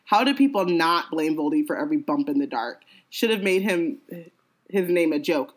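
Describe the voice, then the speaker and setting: A woman's voice: low voice, expressive, moderate pace, low-quality recording. A woman co-hosting a casual book podcast, reading passages aloud and breaking off for jokey asides with plenty of "like" and "um". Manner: chatty, jokey asides with lots of "like" and "um".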